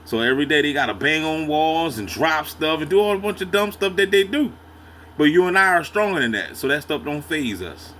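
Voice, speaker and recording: A man's voice: on the high side, animated, brisk, a bit bright, slight background noise. Slangy man reacting with emphatic asides. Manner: slangy, emphatic, chiming in with agreement. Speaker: reaction video host. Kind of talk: casual reaction commentary.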